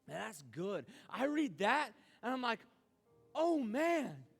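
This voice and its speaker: High-voiced animated male youth pastor. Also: unhurried, vocal fry, breathy edge, soft background music. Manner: animated, acts out his own inner doubts aloud. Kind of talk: youth sermon.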